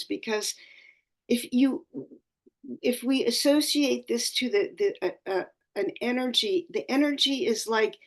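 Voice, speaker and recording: A woman astrologer giving an earnest, spiritual talk on a community call, searching for words and often restarting her phrases. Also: fairly high pitch.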